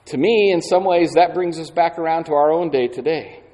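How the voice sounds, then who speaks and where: A man preaching a sermon slowly and deliberately, leaning on key words for dramatic emphasis. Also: fairly high pitch, warm tone. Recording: long hall reverb.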